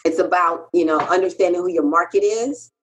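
This interview features a middle-aged freelance copywriter speaking a little fast as she tells candid, emphatic stories. She stays animated, with pitch jumps when quoting herself, captured on a low-quality recording.

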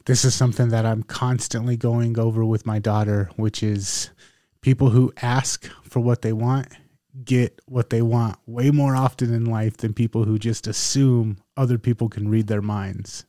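A man co-hosting a podcast in a mellow, dark voice. He reflects aloud with small restarts, and the sound is close and dry. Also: medium pitch, level tone, normal speed, no room sound. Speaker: podcast co-host. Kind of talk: casual conversation.

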